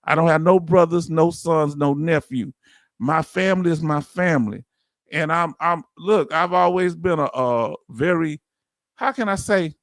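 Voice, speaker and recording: A man hosting a livestream, talking casually and warmly straight to his viewers, often repeating himself for emphasis. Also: on the high side, a little slow, no echo. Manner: animated, talks straight to viewers, repeats "let me tell you something". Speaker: livestream host.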